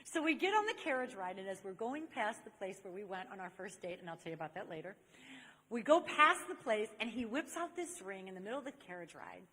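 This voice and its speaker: Recorded with echoey reverb in a large convention hall, a Saint Louis, USA woman speaks on chastity in an inspirational talk to a live audience. Her medium-pitched voice is very animated, brisk, and sharp as she tells stories with energy and addresses the crowd directly.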